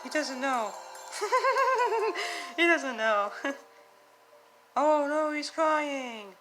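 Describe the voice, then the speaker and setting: A woman with a high voice hosts a casual reaction video. She talks at an unhurried pace and keeps bursting into excitable, gasping exclamations, with faint music playing behind her. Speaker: reaction channel host.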